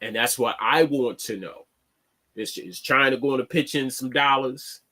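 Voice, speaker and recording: A man hosting an online show, talking in a casual, halting monologue and restarting his words often. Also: medium pitch, pushed and bright. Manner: plainspoken, slangy.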